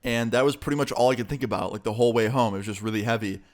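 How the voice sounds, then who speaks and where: A young man in a storytime vlog, talking casually and swearing freely as he tells the story. His voice sits at an average pitch for a man. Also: rapid-fire. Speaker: YouTuber.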